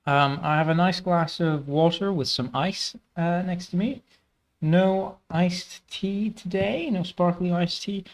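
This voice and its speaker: A man's voice: high-pitched, fairly even intonation, measured pace, a little hiss or hum. A man hosting a casual gameplay stream, talking in a rambling way with many fillers and restarts.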